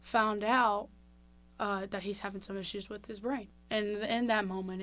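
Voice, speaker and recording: A woman's voice: medium pitch, steady tone, moderate pace, a bit bright, slight background noise. A young woman from Mississippi, a podcast guest telling a personal story candidly with lots of fillers. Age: young adult. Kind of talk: casual interview.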